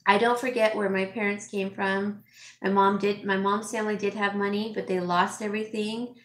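A woman's voice: mid-range voice, little pitch movement, normal speed. A middle-aged woman vlogger chatting with her viewers, emotional and teary, with frequent fillers and laughs. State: teary, sniffling. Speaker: home stager and vlogger. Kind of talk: casual chat reading viewer comments. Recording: echoey room.

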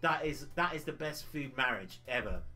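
A man's voice: mid-range voice, expressive, moderate pace, pushed and bright, faint music behind. A man from the UK chatting casually on a retro gaming livestream, rambling and laughing often.

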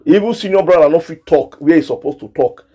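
A man's voice: on the high side, brisk, mellow, husky. A man from Nigeria with a Nigerian Pidgin accent, giving a scolding commentary that speaks straight to the people he criticizes and repeats himself for emphasis. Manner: scolding, repetitive, direct address. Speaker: gossip commentator. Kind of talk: ranting commentary.

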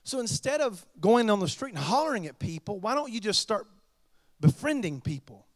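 A pastor preaching a sermon, chatty and joking with the congregation. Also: male voice, high-pitched, sing-song, moderate pace, no echo.

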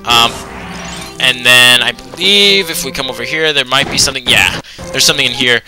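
A man's voice: mid-range voice, moderate pace, music in the background. A young man giving casual let's-play commentary on a video game, rambling along with lots of ums and anyways.

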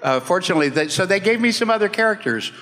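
A man's voice: high voice, animated, fast talker. A man on a convention panel introducing himself with jokey, self-deprecating asides and frequent chuckles. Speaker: voice actor panelist and moderator. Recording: echoey hall with crowd noise. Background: crowd chatter.

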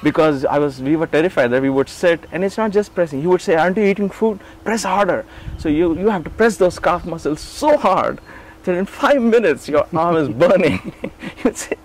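A man's voice: on the high side, brisk. A man in his forties recounting memories in an interview, acting out the voices in his stories with chuckles and restarts. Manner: animated, acts out quoted dialogue. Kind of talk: storytelling recollection.

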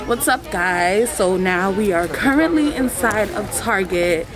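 A woman's voice: medium pitch, unhurried. A young woman vlogging to a handheld camera, chatting casually and slangily to her viewers while walking through a busy store. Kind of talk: casual vlog chat to camera. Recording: noisy store with crowd chatter. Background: store crowd noise.

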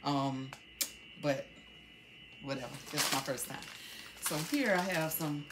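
Chatty low-voiced woman vlogger. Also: heavy background noise. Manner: chatty, halting with many ums. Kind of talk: casual haul vlog. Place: at home.

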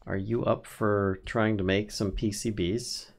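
Gravelly low-voiced man thinking aloud. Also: level tone, a little slow. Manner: thinks aloud, reads out recipes, frequent laughs. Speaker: streamer, co-host. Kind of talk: casual gaming stream chat.

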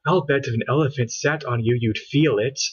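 A man's voice: mid-range voice, a little fast, breathy edge. A man voicing a giggly, playful girl in a raised voice, on a dull lo-fi recording. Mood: silly. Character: giggly silly girl double.

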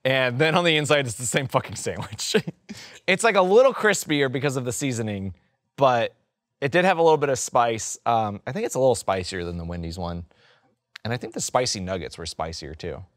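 A man's voice: mid-range voice, lively intonation, a little fast, dry recording, studio quality. A man hosting a food review podcast in casual chat, rambling with many fillers and laughing often.

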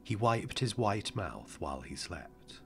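Very low voiced guy reading an audiobook, somber and measured, lots of rise and fall. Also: very animated, a bit bright, faint music behind. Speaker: audiobook narrator. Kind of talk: audiobook narration.

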